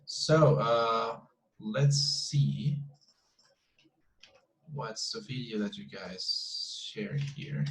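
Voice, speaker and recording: A man's voice: lowish voice, extremely slow, pauses often, noisy background. A man teaching an English class over a video call, talking in a rambling, encouraging way with frequent restarts. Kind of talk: online class discussion. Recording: roomy echo.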